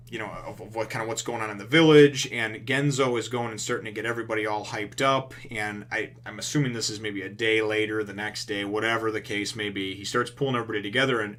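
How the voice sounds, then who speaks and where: Man, low-ish bright voice, rambling casual manga review, lots of fillers. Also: fast talker, few pauses, a little hiss or hum. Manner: rambling, heavy on fillers and restarts; profane, relaxed retelling.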